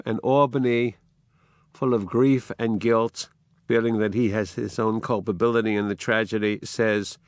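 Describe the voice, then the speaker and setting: An older man giving a literature lecture, speaking slowly and deliberately and rising into impassioned recitations of verse. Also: on the low side, fairly even intonation, no echo, studio quality. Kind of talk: literature lecture with dramatic readings.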